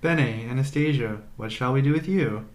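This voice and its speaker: A man's voice: mid-range voice, moderate pace, close to an everyday voice. A man putting on a gushing fake-Italian hairdresser. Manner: gushing, exaggerated. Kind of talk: reading lines aloud in a podcast.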